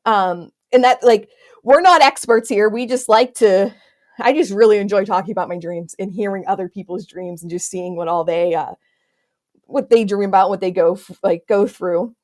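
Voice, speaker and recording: A woman's voice: medium pitch, normal speed, a little mellow. A young woman hosting a podcast in casual chat, talking in a chatty, filler-heavy way. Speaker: podcast host.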